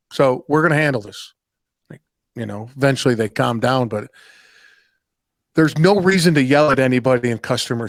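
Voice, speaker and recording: A man's voice: mid-range voice, fairly bright tone, no echo, studio quality. A man hosting a casual podcast chat, telling anecdotes and acting out what customers said in different voices, and swearing casually. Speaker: podcast host.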